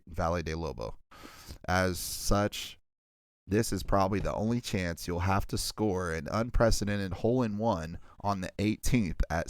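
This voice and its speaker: A man's voice: sits low, smooth, no room sound, clean studio sound. A man co-hosting a casual podcast, reading an article aloud with lots of laughs and asides. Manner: animated, laughs often, stumbles over names. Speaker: podcast co-host.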